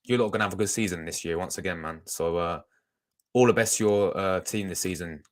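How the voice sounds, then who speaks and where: Low-voiced guy chatting on stream. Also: fast talker. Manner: rambling, chatty, talks to chat, restarts a lot. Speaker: fan channel host reacting on a live stream. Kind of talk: casual live-stream chat.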